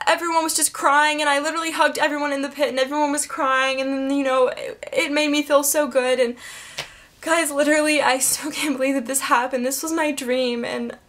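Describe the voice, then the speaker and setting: A woman's voice: high-pitched, flat delivery, fairly quick, fairly bright tone. A teenage girl vlogging, gushing with many fillers and close to tears. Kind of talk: emotional casual vlog.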